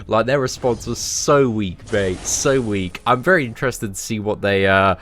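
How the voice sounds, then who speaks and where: A young man giving casual, animated commentary on a game live stream, full of slang and talking to his viewers as mates. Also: fairly low pitch, moderate pace, slight background noise. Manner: animated and chatty, heavy slang, calls viewers mate and lads.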